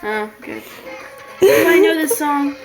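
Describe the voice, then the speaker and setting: A woman's voice: high voice, big pitch swings, takes it slowly, soft background music. A teenage girl in playful home-video banter, giggling and shrieking as she talks to a toy bird, filmed on a camera held by a friend. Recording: loud noisy home camera recording.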